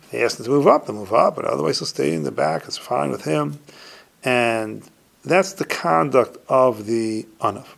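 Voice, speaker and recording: Male Torah teacher, gravelly mid-range voice, retells Talmud stories and often trails off quietly. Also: medium pitch, normal speed. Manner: retells Talmud stories, reciting Hebrew and Aramaic phrases and then translating. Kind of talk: recorded Torah class on humility.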